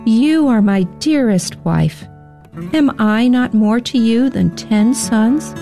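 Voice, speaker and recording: A woman voicing an affectionate husband in a slow storybook reading. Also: on the high side, music in the background. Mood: tender. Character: loving husband, tender.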